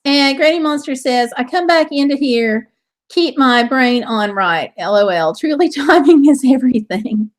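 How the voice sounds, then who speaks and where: With a high, expressive voice and a moderate pace, a woman runs a laid-back live stream. She's chatty and bubbly, laughing and exclaiming as she reads viewers' comments aloud.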